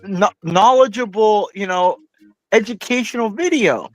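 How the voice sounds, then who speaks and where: A man's voice: sits high, measured pace, dry recording, faint music behind, rough recording. A man on a live panel, teasing the others and making provocative jabs. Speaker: panel guest. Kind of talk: casual panel banter.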